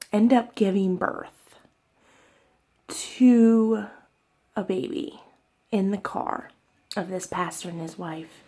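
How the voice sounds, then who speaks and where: A young woman talking in an emotional personal vlog, halting and tearful, with many fillers and soft whispered stretches. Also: medium pitch, slightly rough. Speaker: vlogger.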